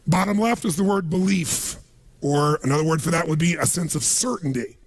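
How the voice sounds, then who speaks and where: A man's voice: a little high, brisk. A man giving an emphatic motivational seminar talk, calling out questions to a live audience. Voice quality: raspy, gravelly. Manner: emphatic, calls out questions for the crowd to answer. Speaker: motivational speaker.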